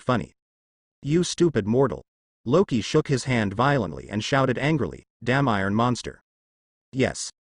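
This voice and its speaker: A man narrating a translated fan novel in a steady reading voice. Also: medium pitch, dry recording, clean studio sound.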